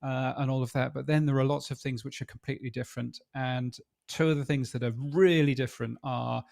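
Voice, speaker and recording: A middle-aged man from Britain, talking casually as a guest with lots of hesitant fillers. His voice has a gravelly, creaky edge, and the sound is dry and close with no room echo. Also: mid-range voice, steady tone, fairly quick, darkish tone. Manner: hesitant, many fillers and restarts. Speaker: podcast industry guest. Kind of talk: casual interview chat.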